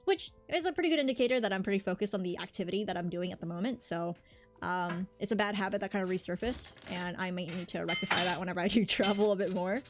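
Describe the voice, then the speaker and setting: A woman with a slight Southern US accent chats loosely with her stream, rambling through stories and answering viewers. Her voice sits at a middle pitch. Quiet music plays faintly underneath. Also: fast. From Southern United States. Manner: rambling, chatty, answers chat. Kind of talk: casual live-stream chat.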